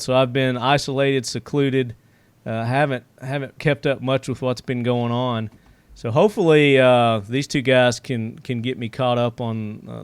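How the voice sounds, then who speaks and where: A man's voice: medium pitch, smooth, no echo. A middle-aged man hosting a podcast, telling stories in a loose, rambling way full of fillers. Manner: rambling storyteller with many fillers. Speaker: podcast host. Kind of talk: casual podcast chat.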